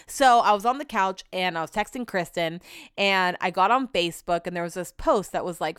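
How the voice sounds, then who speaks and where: A woman's voice: fairly low pitch, normal speed, a bit bright, clear, resonant tone, no echo, clean studio sound. A woman hosting her own podcast, rambling casually and swearing freely as she chats about her week. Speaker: podcast host. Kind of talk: casual solo podcast chat.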